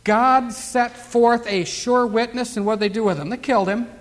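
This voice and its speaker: A man's voice: extremely high pitch, fairly even intonation, moderate pace. An older man preaching a Bible teaching sermon in a folksy way, full of rhetorical questions and asides as he reads scripture aloud. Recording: long hall reverb.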